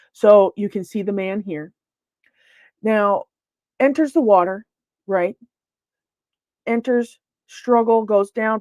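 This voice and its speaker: A woman's voice: mid-range voice, no room sound. A woman giving a lecture as a paranormal investigator, talking casually with frequent fillers and restarts. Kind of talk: presentation lecture.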